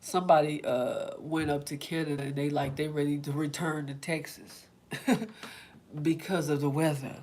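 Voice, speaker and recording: Woman, slightly low voice, chatty, rambling, vlog host talking to viewers. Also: level tone, moderate pace, darkish tone, slight background noise. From Oklahoma, USA. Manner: chatty and rambling, acting out quotes. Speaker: self-care vlog host. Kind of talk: casual chat with live viewers.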